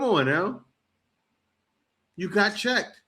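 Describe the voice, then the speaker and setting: Animated, high-voiced male commentator. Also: measured pace. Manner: mocking, animated, laughing. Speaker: commentator host. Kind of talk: reaction commentary.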